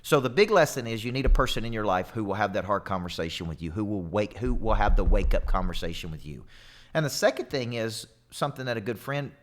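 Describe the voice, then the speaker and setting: A man in his forties giving an energetic, emphatic motivational talk as a coach, often repeating words for emphasis. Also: lowish voice, fast talker. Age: 40s.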